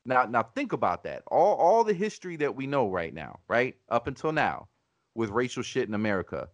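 A man's voice: medium pitch, big pitch swings, a little fast, no room sound. A podcast host argues his case with blunt, emphatic, profane conviction. His voice sits in the middle range. The recording is dry and close. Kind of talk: casual podcast debate.

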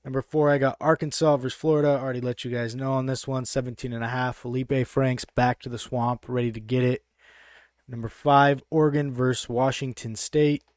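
A man's voice: mid-range voice, flat delivery, a little fast, darkish tone, no room sound, studio quality. A man co-hosting a casual sports betting podcast, brash and swearing freely as he runs through his picks. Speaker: podcast co-host.

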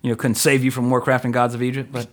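A man's voice: medium pitch, level tone, fast talker. A man hosting a casual movie podcast, rambling with lots of fillers and laughing easily. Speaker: podcast host.

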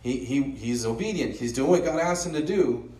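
A man's voice: medium pitch, lively intonation, normal speed, dark tone. A pastor giving an earnest, conversational sermon, often posing rhetorical questions to his listeners. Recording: roomy echo, voice from a distance.

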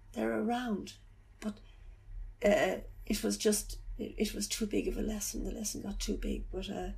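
A middle-aged woman telling of her loss in an interview. She talks haltingly and softly, often searching for words. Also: mid-range voice, vocal fry. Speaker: bereaved mother telling her story. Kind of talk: personal account in an interview.

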